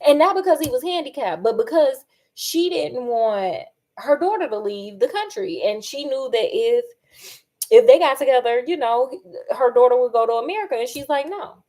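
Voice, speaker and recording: Sassy high-voiced woman vlogger. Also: normal speed. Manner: animated and sassy, acts out quotes. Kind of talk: casual chat while cooking.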